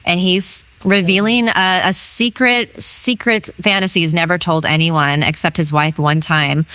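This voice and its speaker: A woman being interviewed as an intimacy educator, telling a story in an animated way and acting out the quoted dialogue. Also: fairly low pitch, clear, resonant tone, no room sound.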